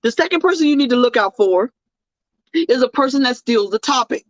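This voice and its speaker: A woman's voice: on the high side, a little fast, no echo. A woman hosting her own show, talking casually in a joking, sermon-like style. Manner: animated, joking, sermon-like cadence. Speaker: host. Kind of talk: casual preachy talk show monologue. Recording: dull lo-fi dry sound.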